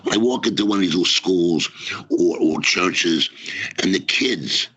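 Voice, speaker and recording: A man's voice: sits low, unhurried, bright, forceful tone, slightly rough. A man, a wrestling manager, telling stories in a brash, emphatic way during a casual interview. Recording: dull lo-fi podcast audio.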